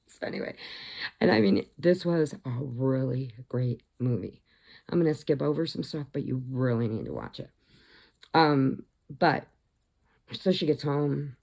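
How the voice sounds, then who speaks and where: Speaking in a low, creaky voice at a measured pace, a middle-aged woman vlogs her way through a film's plot. She performs the characters' lines with animation and now and then sinks to a whisper.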